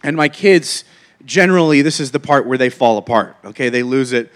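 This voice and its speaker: A man's voice: mid-range voice, lively intonation, brisk. A man preaching a sermon in a chatty, joking storytelling way.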